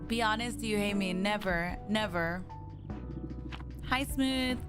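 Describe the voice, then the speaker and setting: A young woman chats away on a live stream, reading out viewer messages and giggling often. Her pitch sits right in the middle for a woman, and faint game music plays underneath. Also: slow pace. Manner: chatty and giggly, reading chat aloud. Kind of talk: casual live-stream chat.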